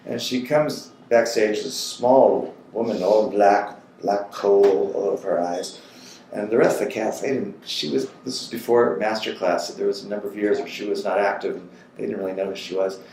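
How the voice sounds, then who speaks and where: Animated older man telling a story. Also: fairly low pitch, normal speed. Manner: animated anecdotal storyteller who acts out quotes. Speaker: interviewee. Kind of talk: oral history storytelling. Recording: roomy echo with faint ambient noise.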